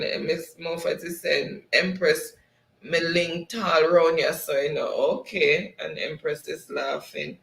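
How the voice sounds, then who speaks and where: Jamaican male host, gravelly, highish voice, echoey room, casual chat reading comments, laughs a lot. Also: fairly bright tone. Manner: laughs often between comments. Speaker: live-stream host.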